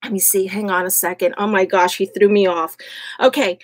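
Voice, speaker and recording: A woman's voice: mid-range voice, flat delivery, a little fast, no echo. A woman hosting a live crafting tutorial from home, chatty and often laughing at herself. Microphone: USB desk microphone.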